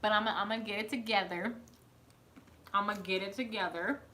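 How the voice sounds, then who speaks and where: A woman's voice: mid-range voice, steady tone, normal speed, pushed and bright. A woman, chatting casually on a live stream from home, reading out her viewers' comments and laughing often. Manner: chatty, laughs often, talks to chat by name.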